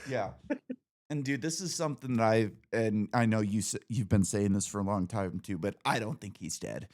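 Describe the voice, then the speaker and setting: A man's voice: on the low side, normal speed, darkish tone. A man in his forties hosting a podcast, telling stories in a blunt, profane, casual way. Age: 40s. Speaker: podcast host.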